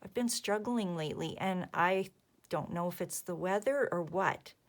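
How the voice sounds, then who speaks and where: A woman in her fifties chatting casually while she crafts, rambling softly and muttering asides to herself. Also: fairly low pitch, moderate pace. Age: 50s. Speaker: crafting vlogger.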